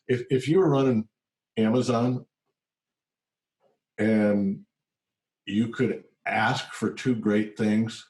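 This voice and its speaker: A man, a former tech executive in his sixties, chatting in an interview and acting out the voices of the people in his stories. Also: fairly low pitch. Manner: animated storyteller who acts out quoted voices. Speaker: guest, former tech CEO. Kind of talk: casual interview talk.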